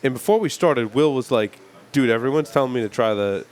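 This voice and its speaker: A man hosting a studio interview, chatting in a relaxed, casual way with many fillers like "like" and "dude". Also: mid-range voice, brisk. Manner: laid-back, says "dude" and "like" a lot. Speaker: host.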